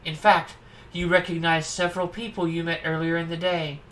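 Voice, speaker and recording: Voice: mid-range voice, flat delivery, moderate pace, a bit bright, a little hiss or hum, poor audio. A streamer reading the narration of a horror dating game aloud, with irreverent, wry comments between passages.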